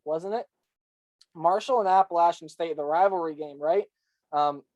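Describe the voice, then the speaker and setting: A man's voice: a little high, darkish tone, no room sound. Male host, congested, casual rambly recap, dry close sound. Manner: rambling, full of ums and likes.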